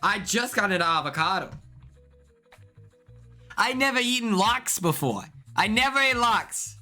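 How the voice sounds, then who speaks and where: A man live-streaming, chatting and gaming in an excitable, rambling way that repeats itself. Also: high voice, measured pace, faint music behind.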